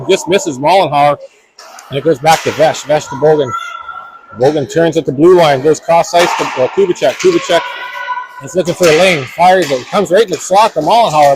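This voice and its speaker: A man calling a high school hockey game play by play, talking in a quick running flow and correcting names as he goes. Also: background noise. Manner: rapid running description with self-corrections. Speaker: play-by-play announcer. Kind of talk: live hockey commentary. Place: ice rink.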